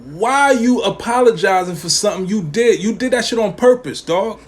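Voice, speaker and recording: A man's voice: high voice, lively intonation, moderate pace. A man hosting a podcast, ranting emphatically in profane slangy talk and repeating lines to hammer a point home. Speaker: podcast host. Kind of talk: opinionated podcast rant.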